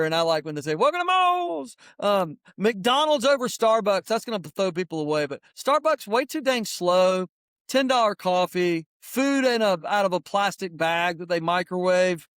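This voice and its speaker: A man's voice: high voice, a bit bright, clean tone, dry recording. Middle-aged guy hosting a podcast, all fired up and blunt, dry close sound. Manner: rapid-fire opinions. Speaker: podcast host. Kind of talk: casual motivational podcast talk.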